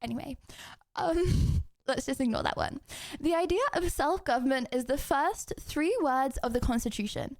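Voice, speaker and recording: Giggly high-voiced young woman streamer. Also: moderate pace, hardly any pauses. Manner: giggly, self-teasing, reads questions aloud and answers them. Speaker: livestreamer. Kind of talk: casual live-stream chat.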